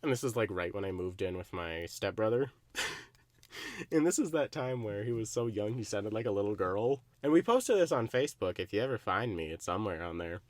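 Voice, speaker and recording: A young man co-hosting a podcast, telling stories in a casual chat, animated, often laughing and swearing. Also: on the low side, a little fast, no room sound. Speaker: podcast co-host.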